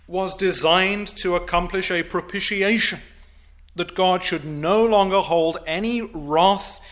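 A man preaching a sermon in a measured, emphatic way, stressing key phrases and dropping to a low, quiet voice on solemn points.

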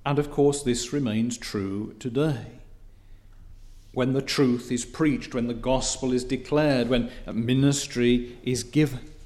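A man preaching a sermon in a measured, repetitive cadence that builds in emphasis, with occasional hesitant fillers. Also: medium pitch, a little mellow.

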